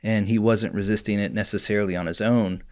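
A man co-hosting a podcast, telling a story in a casual, animated way. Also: lowish voice, brisk. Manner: animated storyteller, laughs often. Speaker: podcast co-host.

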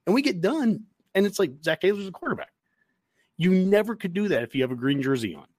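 A man's voice: sits high, lively intonation, fast, a little mellow, no room sound. A man on a sports podcast talks football casually, and his voice climbs sharply whenever he gets worked up. The sound is dry and close, with no room around it. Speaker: podcast co-host.

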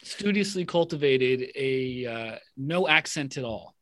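A man on a casual podcast, talking with dry, deadpan humor. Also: medium pitch, unhurried, no room sound. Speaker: podcast regular.

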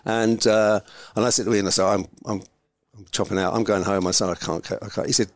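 A man's voice: lowish voice, brisk, no room sound. Older man telling a rambling anecdote. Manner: rambling, animated, acts out quoted voices. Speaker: guest. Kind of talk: casual storytelling.

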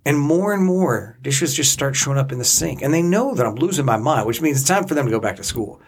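A man co-hosts a casual chat show and vents like a fed-up parent. His voice is husky, and its pitch swings up and down with an animated, exasperated edge. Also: fairly quick. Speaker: podcast co-host, parent.

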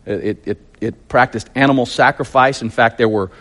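A man's voice: medium pitch, steady tone, normal speed, a bit bright. A man preaching a sermon, telling the story vividly and emphatically with lots of repetition.

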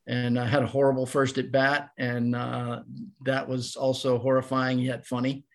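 An older man with a gravelly, creaky voice tells a long story on a podcast. He is animated and acts out the voices of the people he quotes. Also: medium pitch, normal speed. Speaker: podcast guest, former ballplayer. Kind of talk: casual storytelling.

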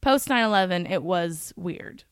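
A woman in her early thirties, a comedian guest, talking casually with quick asides and frequent laughter. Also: on the low side, expressive, smooth, dry recording, studio quality. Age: early 30s.

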